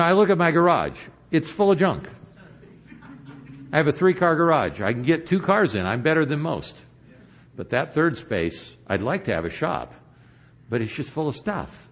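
An older man preaching a sermon as pastor, moving between emphatic points and hushed, quiet stretches. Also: a little high, dull audio.

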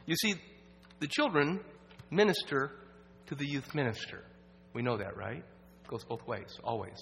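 A man's voice: medium pitch, big pitch swings, gravelly. Earnest man preaching in a reverberant hall. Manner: earnest, halting with restarts, drops to a hush at sad moments. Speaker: guest speaker at a church evening program. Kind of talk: storytelling sermon. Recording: roomy reverb with faint hum.

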